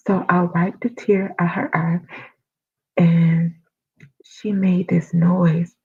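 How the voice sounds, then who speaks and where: A middle-aged woman telling a personal story as an interview guest, halting and emotional, often dropping to a whisper. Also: lowish voice, flat delivery, a little mellow, husky, muffled recording. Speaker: guest sharing a family loss.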